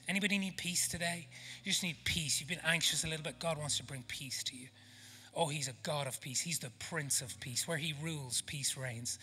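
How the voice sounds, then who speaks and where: Irish man, pastor, thirties, sermon, bright cutting voice, fairly high pitch, reverb from a church hall. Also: moderate pace, husky. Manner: passionate, humorous preaching, dropping to near-whispers in prayer. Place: church auditorium.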